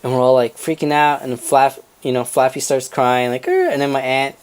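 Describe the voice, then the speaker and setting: Young guy podcast co-host, animated storyteller, mid-pitch, swears, laughs and does voices. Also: normal speed, smooth. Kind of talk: casual storytelling chat.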